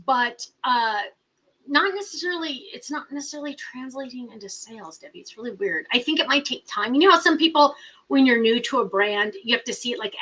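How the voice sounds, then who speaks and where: A woman's voice: on the high side, bright, forceful tone. A woman hosting a casual live chat, reading viewer comments aloud and talking emphatically with lots of repetition. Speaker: livestream host.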